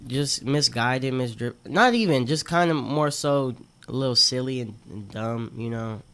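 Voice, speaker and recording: A man's voice: medium pitch, unhurried, a bit bright. Joking man radio co-host. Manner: joking, playful teasing. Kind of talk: casual morning radio banter.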